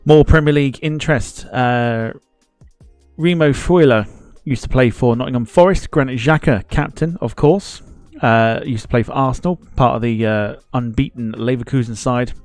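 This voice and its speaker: A man at a mid pitch hosts a live football watchalong in a casual, rambling way. He greets people in the chat and cracks himself up now and then. The sound is close and dry, with soft music faint in the background. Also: normal speed, no echo. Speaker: streamer hosting a football watchalong.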